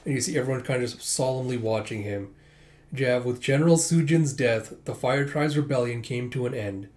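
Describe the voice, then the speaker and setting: A man's voice: medium pitch, brisk, a little mellow. A man narrating a manga chapter aloud in a loose, conversational way, with fillers and asides. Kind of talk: casual read-aloud narration.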